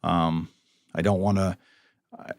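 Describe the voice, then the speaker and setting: A man's voice: deep voice, level tone, takes it slowly, no room sound. A middle-aged man, a police officer being interviewed, telling long anecdotes with dry humor and lots of restarts. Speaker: police public information officer, guest. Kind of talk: storytelling interview.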